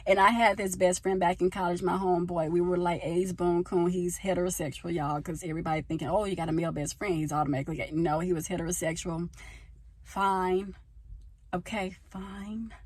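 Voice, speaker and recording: A young woman from the United States talking casually into a handheld phone, telling a personal story and getting louder as she gets passionate. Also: fairly low pitch, a little fast, no room sound. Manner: animated, gets loud when passionate. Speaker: vlogger. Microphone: phone held in hand.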